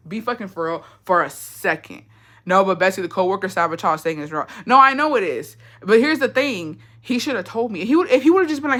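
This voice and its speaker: Young woman, casual storyteller: bright, blunt, profane, slips Spanish phrases into her talk. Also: medium pitch, animated, quick pace.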